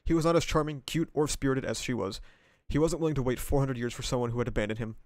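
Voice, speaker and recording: A man's voice: medium pitch, quick pace, darkish tone, dry recording, studio quality. A man streaming himself reading a novel aloud, breaking off into casual, profane asides and laughter.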